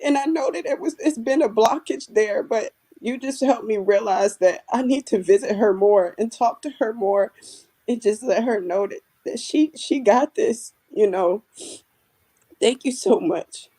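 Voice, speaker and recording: A woman's voice: fairly high pitch, a little slow, mellow. A woman from the audience giving emotional feedback in a casual way, often saying "like" and repeating words.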